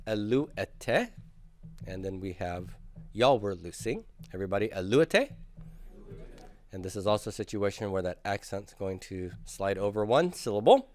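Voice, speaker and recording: A man's voice: lowish voice, expressive, moderate pace, darkish tone. A man teaching a classroom grammar lecture, patiently drilling students through forms and asking them to repeat after him. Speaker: Greek teacher.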